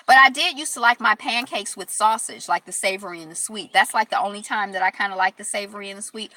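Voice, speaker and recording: A woman hosting a casual live stream, chatting in a rambling, upbeat way and closing with warm affirmations. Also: mid-range voice, quick pace, dry recording. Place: Detroit.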